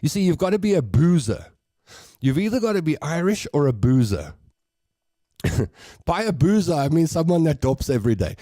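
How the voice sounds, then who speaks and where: A man's voice: fairly high pitch, very animated, mellow, dry recording, studio quality. A South African man hosting a casual livestream chat, reading viewer comments aloud and rambling through stories with a laugh. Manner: chatty, rambling, quick to laugh at his own jokes. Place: home studio.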